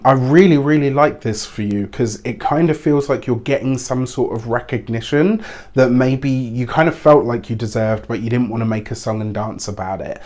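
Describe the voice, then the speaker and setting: A man talks through a tarot reading at a mid-range pitch. He is under the weather and slightly hoarse. His delivery is chatty and encouraging, with plenty of fillers and restarts. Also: darkish tone. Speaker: tarot reader. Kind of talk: casual tarot reading to camera.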